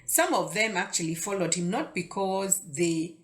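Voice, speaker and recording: A woman's voice: on the low side, animated, moderate pace. A woman hosting a casual devotional talk, conversational and often repeating words as she thinks aloud. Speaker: devotional video host.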